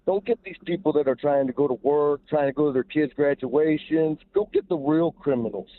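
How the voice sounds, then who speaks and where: A man's voice: fairly high pitch, a little fast. A man calling in to a radio show, talking bluntly and casually, repeating words as he goes. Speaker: caller. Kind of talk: call-in radio comment. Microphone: telephone. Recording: tinny phone line with faint noise.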